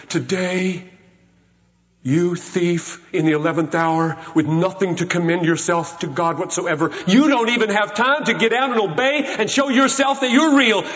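A man preaching a sermon, moving from hushed, solemn retelling to loud, urgent exhortation. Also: fairly high pitch. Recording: muffled recording with long hall reverb.

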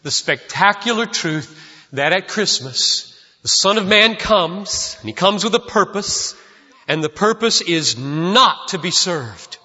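A man's voice: high-pitched, lively intonation, slow pace, pushed and bright. A man preaching a sermon in a church sanctuary, emphatic and repeating key lines for stress. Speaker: pastor. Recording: dull lo-fi recording with long hall reverb.

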